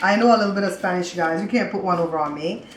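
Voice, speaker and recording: A woman's voice: fairly low pitch, fast talker, slight background noise. A woman hosting a home cooking show in casual chat, chatty and repetitive, talking to viewers as guys. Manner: chatty, repeats words, addresses viewers as guys.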